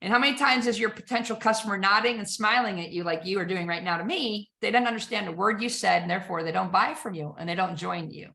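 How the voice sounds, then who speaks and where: A woman sales trainer presents with bright, emphatic energy and keeps throwing rhetorical questions at her listeners. Her voice rings out in an echoey room. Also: mid-range voice, fast talker, vocal fry, hardly any pauses.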